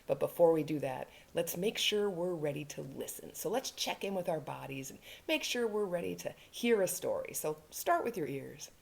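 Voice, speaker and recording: A woman hosting a children's storytime, speaking to little kids in a warm sing-song way. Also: on the low side, animated, normal speed, gravelly, few pauses. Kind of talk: children's storytime reading and singing.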